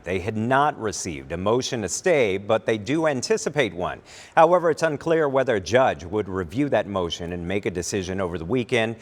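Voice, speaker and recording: A man anchoring a local evening newscast, reading scripted news in a measured, formal way. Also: lowish voice.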